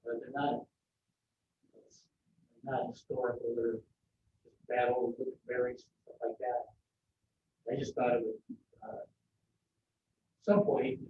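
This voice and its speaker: A man's voice: medium pitch, flat delivery, moderate pace, long pauses, reverberant. A man on an advisory board speaking at a public meeting, blunt and joking. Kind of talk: meeting discussion. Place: council meeting room. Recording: distant, tinny, noisy meeting audio.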